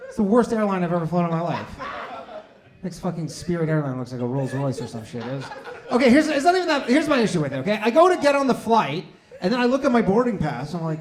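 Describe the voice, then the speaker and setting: Man, stand-up comic, sarcastic, profane, crowd work, slightly high voice. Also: sing-song, very fast. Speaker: stand-up comedian. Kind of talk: stand-up set. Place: comedy club stage.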